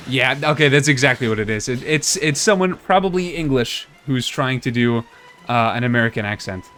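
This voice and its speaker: A man's voice: mid-range voice, animated, brisk, fairly bright tone, faint music behind. A man streaming a game as a VTuber, chatting casually with a hesitant, musing delivery full of restarts. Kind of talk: casual let's-play commentary.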